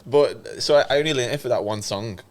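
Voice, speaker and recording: A man talking as a guest musician on a podcast, rambling and repeating words when he gets excited. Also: mid-range voice, brisk. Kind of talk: casual podcast chat.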